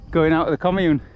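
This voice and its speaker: An English vlogger on a charity walk chats and rambles through stories along a rural road, laughing often. His rather high voice is recorded outdoors on a handheld camera, with highs cut off and slight background noise.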